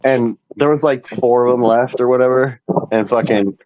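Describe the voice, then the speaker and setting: A man's voice: medium pitch, moderate pace, no echo, dull audio. A man co-hosting a casual cannabis chat, a profane, laughing storyteller. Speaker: podcast co-host.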